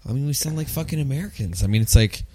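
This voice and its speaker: A man's voice: medium pitch, lively intonation, racing, noisy background. A laid-back man chatting bluntly with a friend while watching a film at home, swearing casually. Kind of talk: casual watch-along chat. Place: apartment in Brooklyn.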